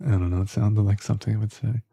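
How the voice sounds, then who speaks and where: A man's voice: on the low side, level tone, fast, mellow, breathy edge, dry recording. A man streaming live, bantering jokingly with chat and muttering to himself while he plays.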